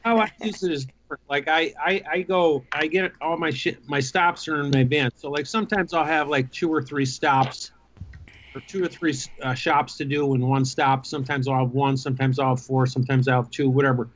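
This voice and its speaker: Higher-voiced man, muffled noisy sound. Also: fairly even intonation, brisk, a bit bright. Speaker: window cleaner guest. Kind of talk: casual chat.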